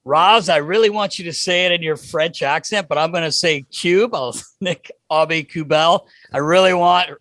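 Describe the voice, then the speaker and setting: A man's voice: high voice, moderate pace, few pauses, a bit bright, no room sound. A man co-hosting a hockey podcast, joking around and laughing through loose casual chat. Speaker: podcast co-host.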